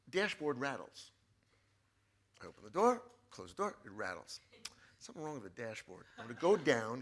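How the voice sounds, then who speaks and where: Male guest author, casual storyteller, bright timbre, lively delivery with restarts. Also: medium pitch. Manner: animated storyteller with frequent restarts. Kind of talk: casual anecdote telling.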